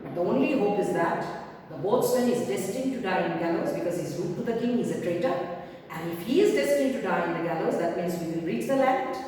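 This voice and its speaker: A woman's voice: mid-range voice, expressive, a little fast, a little mellow. A woman teacher, explaining a play line by line to her class, paraphrasing and checking in with "okay?". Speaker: literature teacher. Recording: echoey hall, distant mic, faint hiss.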